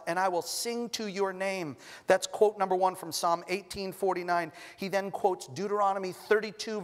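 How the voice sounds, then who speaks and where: A man preaching a sermon as pastor, stressing single words with long pauses and adding light humor. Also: sits high. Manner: light humor between scripture readings. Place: church sanctuary. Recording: long reverb of a church hall.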